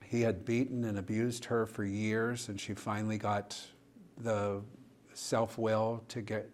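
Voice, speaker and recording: A male pastor telling a story in a church discussion, vivid and animated, acting out the dialogue he quotes. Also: lowish voice, unhurried, slight background noise.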